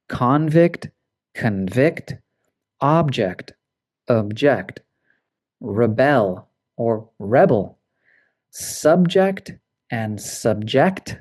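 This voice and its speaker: A male pronunciation teacher speaking at a slow, measured pace. He sounds out each word deliberately and clearly, working through lists of drill words. His voice sits at an ordinary middle pitch. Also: mellow. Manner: deliberate, careful enunciation.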